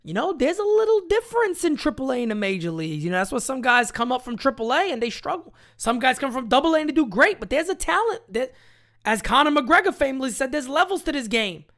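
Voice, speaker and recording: A man's voice: very high-pitched, sing-song, fast talker, fairly bright tone. A man hosting a casual sports live chat, talking in a blunt, rambling way and reading out viewer comments. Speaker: live-stream sports show host.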